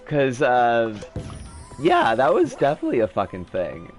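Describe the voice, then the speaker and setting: A man's voice: mid-range voice, huge pitch swings, measured pace, soft background music. A man chatting casually during a live game stream, loose and profane, often restarting his sentences.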